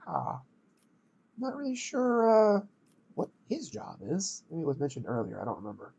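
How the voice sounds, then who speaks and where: A man's voice: fairly high pitch, wildly swooping pitch, normal speed, creaky, a little mellow, breathy edge, highs cut off. Joking man reading game text. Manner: joking, hesitant, reads dialogue in a grand voice. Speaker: game player. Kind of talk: let's play commentary, reading game text aloud.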